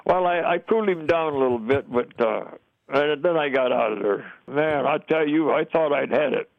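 An older man recalls his war days in plain, folksy speech, chuckling as he talks. His voice sits a little high for a man. The recording is dull and dry, with no room sound. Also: normal speed, gravelly, no echo. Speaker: war veteran interviewee. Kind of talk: oral history storytelling.

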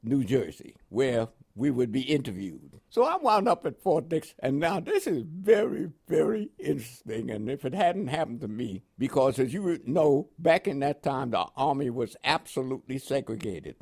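A man's voice: medium pitch, moderate pace, vocal fry, few pauses, slightly rough. An older man from Panama with a New York accent touched by West Indian inflections, telling his life story in an oral history interview. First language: French. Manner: lively, animated storyteller who acts out quoted voices.

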